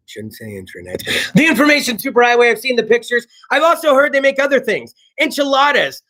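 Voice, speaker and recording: Speaking fairly quickly in an extremely high-pitched voice, this South Texas talk show host is boisterous and foul-mouthed. His sponsor plugs keep erupting into shouts, all in a casual style.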